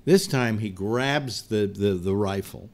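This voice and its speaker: A man hosting a live talk show, telling a long joke in a rambling, animated way with restarts. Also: fairly low pitch, takes it slowly. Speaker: host.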